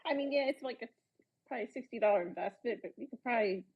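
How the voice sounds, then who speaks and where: A woman's voice: on the high side, fast, vocal fry, husky. A woman in casual chat, joking and giggling often. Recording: dull lo-fi audio.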